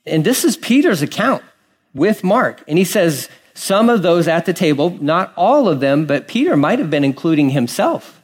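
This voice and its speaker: Animated pastor preaching a sermon. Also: male voice, on the high side, normal speed, breathy edge. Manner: animated, acts out quoted voices, shifts between loud and hushed.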